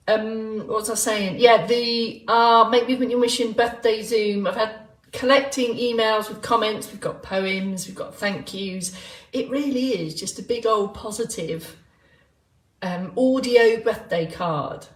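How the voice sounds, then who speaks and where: A woman instructor leading a live online movement class in a chatty, rambling, jokey way, greeting viewers by name. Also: medium pitch. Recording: roomy sound from a distant mic.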